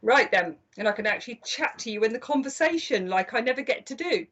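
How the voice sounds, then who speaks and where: An older woman giving chatty, gentle psychic card readings on a live stream. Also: on the high side, lively intonation, fast talker. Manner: chatty and gentle, calls people "my lovely". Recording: slightly dull lo-fi stream audio.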